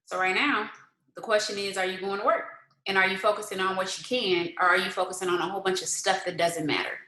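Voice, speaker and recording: Bright-voiced woman preaching casually in a roomy space. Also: medium pitch, steady tone, quick pace. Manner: direct, rhetorical questions, faith-based encouragement; colloquial, laughs often. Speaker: motivational host. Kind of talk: casual live-stream pep talk. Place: indoors at home.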